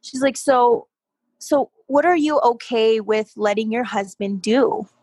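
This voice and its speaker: A woman guest telling a personal story in casual conversation, animated and quick to laugh, often repeating words as she gets going. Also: on the high side, breathy edge, no room sound. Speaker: podcast guest.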